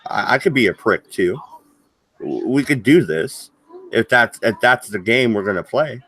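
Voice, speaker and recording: This livestream host's voice is medium-pitched, a bit bright and slightly rough, and he keeps a moderate, animated pace. His rant is angry and heavy with swearing, heated throughout.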